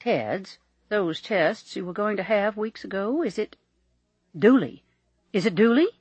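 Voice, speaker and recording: A narrator voicing an excitable older male cousin who talks loudly and effusively, in a dry, slightly dull recording. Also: sits high, measured pace, husky, dry recording, pitched above the performer's own voice, exaggerated voice. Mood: alarmed. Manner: boisterous, bellowing, effusive.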